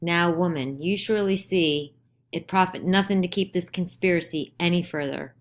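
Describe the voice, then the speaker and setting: A woman's voice: on the low side, normal speed, close to an everyday voice. A woman voicing a stern older male judge who questions urgently and insistently in a dramatized play reading. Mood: pressing.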